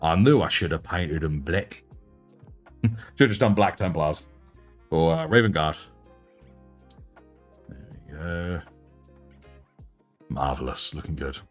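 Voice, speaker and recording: A young British man with a deep voice, chatting in a relaxed, self-mocking way while he hosts a livestream. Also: slow pace, pauses often, soft background music. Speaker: livestream host and miniature painter. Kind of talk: casual livestream chat.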